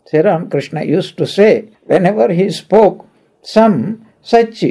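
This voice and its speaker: A man's voice: high-pitched, vocal fry, dark tone. A man giving a lecture on scripture, reciting Sanskrit verses and explaining them line by line while putting questions to his listeners. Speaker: spiritual teacher.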